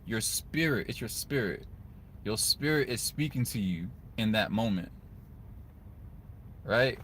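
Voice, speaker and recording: A young man, giving casual, earnest advice to other men, often turning to the listener with a quick "right?". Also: on the low side, lively intonation, fairly bright tone, slight background noise. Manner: earnest, conversational, repeats "guys" and "right?". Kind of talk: casual motivational talk to camera.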